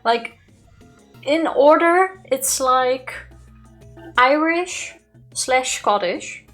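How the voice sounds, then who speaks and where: A woman's voice: high-pitched, extremely slow, a bit bright, soft background music. A woman co-hosting a let's play, chatting casually about the game in a playful, giggly way. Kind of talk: casual gameplay commentary.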